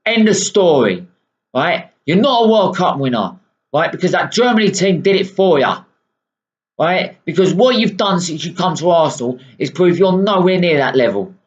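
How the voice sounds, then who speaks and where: A man's voice: high-pitched, big pitch swings, normal speed. A man ranting angrily about his football club, swearing often and tagging "right?" onto his sentences. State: unwell. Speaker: football fan vlogger. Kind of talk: angry ranting monologue. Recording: dull lo-fi sound.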